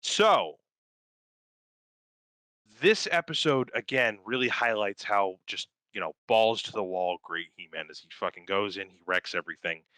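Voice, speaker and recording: Bright, crisp-voiced man in casual chat. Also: on the low side, expressive, measured pace, no echo, rough recording. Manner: profane, enthusiastic, rambling with fillers. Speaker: podcast co-host. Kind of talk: casual chat, recapping a cartoon series.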